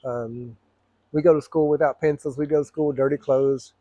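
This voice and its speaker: Middle-aged guy telling his own story, blunt, cusses, rambles, clears his throat a lot, kinda high voice, dry close sound. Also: fairly even intonation, moderate pace, mellow, dry recording. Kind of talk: personal storytelling.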